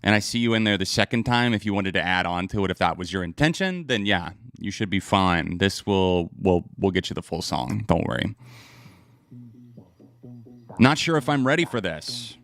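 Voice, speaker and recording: A man casually chatting and reacting to songs on a live stream, relaxed and rambling, laughing often. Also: deep voice, moderate pace, no echo, clean studio sound.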